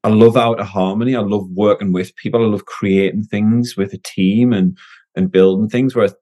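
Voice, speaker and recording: A middle-aged man, a guest telling his story in a casual interview, energetic and candid. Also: on the low side, normal speed. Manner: energetic and candid, frequent restarts. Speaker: guest, former Olympic swimmer and business owner.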